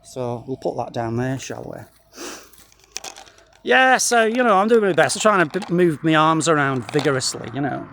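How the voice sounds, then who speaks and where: A man's voice: fairly high pitch, expressive, moderate pace, creaky, fairly bright tone, slight background noise. A man rambling through a dry, jokey monologue to the camera outdoors in a wheat field, swearing freely. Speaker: vlogger.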